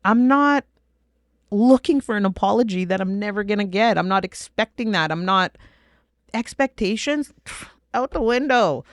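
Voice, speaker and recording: Podcast guest, woman, middle-aged, from Canada; candid, animated storyteller, dry close sound. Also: medium pitch, moderate pace, dry recording. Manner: emphatic, animated, drops to a hushed voice for intense moments.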